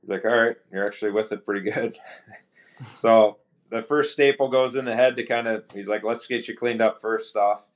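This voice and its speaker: A professional hockey player appearing as a podcast guest tells a story in a relaxed, chatty way, his voice fairly low and his speed normal. He takes on the voices of teammates and trainers when repeating what they said. As he recalls events, he often restarts sentences and relies heavily on fillers.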